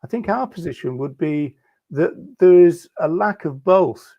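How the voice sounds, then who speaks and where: A man co-hosting a casual discussion, speaking in a measured way and thinking aloud with fillers. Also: on the high side, highs cut off. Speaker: podcast co-host.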